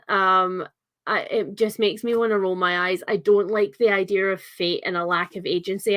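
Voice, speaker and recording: Young adult woman, book stream host: chatty, enthusiastic, filler-heavy, mid-pitched. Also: a bit bright. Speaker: book club livestream host. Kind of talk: casual livestream book discussion.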